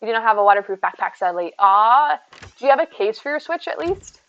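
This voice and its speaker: A woman live-streaming from her home, chatting casually with her viewers and answering them by name. Her voice sits a little high and wanders from one thought to the next. The sound is dull and lo-fi, as from a modest stream setup. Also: lively intonation, fairly quick. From United States. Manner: chatty, rambling, talks to chat by name. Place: home, indoors.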